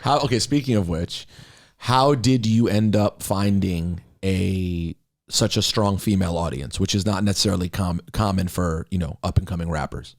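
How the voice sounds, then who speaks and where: A man from the United States hosting a casual interview, playful and joking with quick follow-up questions. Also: sits low. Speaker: radio host.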